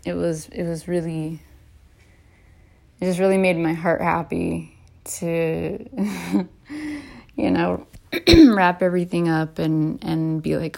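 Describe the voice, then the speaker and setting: Slow-talking woman in her late 30s. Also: lowish voice, fairly even intonation, gravelly. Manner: rambling, with restarts and frequent soft laughs. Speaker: vlogger and podcaster. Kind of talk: casual heartfelt personal talk.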